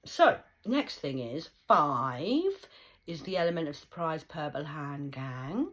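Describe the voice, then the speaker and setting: A woman in her forties giving a rambling, mocking monologue, swinging between loud outbursts and hushed whispers. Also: deep voice, sing-song, slow, rough recording. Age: 40s. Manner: mocking, preachy tone.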